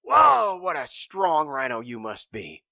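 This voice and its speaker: A man's voice: on the high side, slow pace, vocal fry, no room sound, studio quality, voice pushed down, heavily acted. A man voicing an arrogant male bird with a raised, chirpy delivery. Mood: flattering. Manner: boastful, then flattering.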